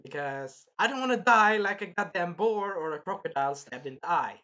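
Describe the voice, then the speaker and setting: A man with a bright, forceful voice that sits a little high. He rambles through a casual anime review, swearing freely and breaking into quoted lines of dialogue. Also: animated, a little fast, muffled recording.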